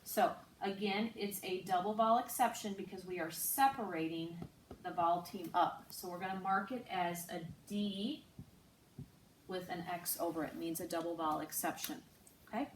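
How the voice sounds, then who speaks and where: A woman teaching a recorded phonics lesson to third graders, speaking slowly and clearly and drawing out each sound. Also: fairly low pitch, steady tone, slight background noise. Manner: slow, clear, patient teacher talk with drawn-out sounds. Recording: echoey room, distant mic.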